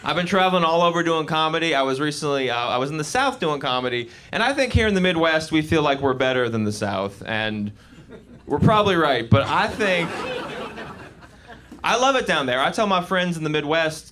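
A young man performing a live stand-up comedy set on a club stage, animated and slipping into voices for his bits. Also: on the high side, brisk. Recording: live club recording with audience noise. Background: audience laughter.

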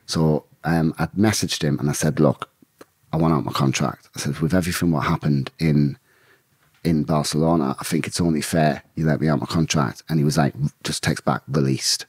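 Deep, husky man. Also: fairly even intonation, fairly quick, darkish tone, no room sound, clean studio sound. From England. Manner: blunt, swears a lot, rambling. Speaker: guest, bare-knuckle fighter. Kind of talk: casual storytelling.

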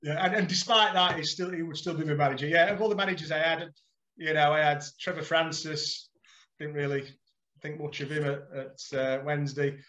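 Man, middle-aged, podcast guest, lively storyteller, bright forceful tone, raised pitch. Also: fairly quick, highs cut off. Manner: animated anecdotes, acts out dialogue, laughs often. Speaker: guest, former footballer.

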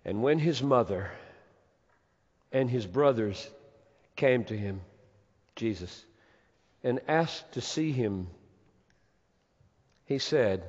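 A man preaching a sermon in a large hall, emphatic, with dramatic swings between loud and soft delivery. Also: medium pitch, animated, slow pace, pauses often. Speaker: pastor. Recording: dull lo-fi recording with long hall reverb.

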